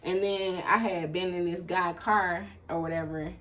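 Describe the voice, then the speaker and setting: Animated Atlanta woman telling a story. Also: measured pace, a little hiss or hum. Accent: Southern US, Atlanta. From Atlanta, USA. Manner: animated, swearing, acts out quoted people in sudden loud high bursts. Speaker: vlogger. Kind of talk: casual storytelling monologue.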